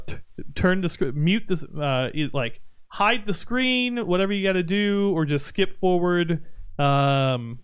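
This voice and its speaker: A man's voice: on the high side, smooth. A man hosting a casual podcast, talking to his chat and laughing often at his guest's stories. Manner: relaxed, addresses stream chat, laughs a lot. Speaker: podcast host.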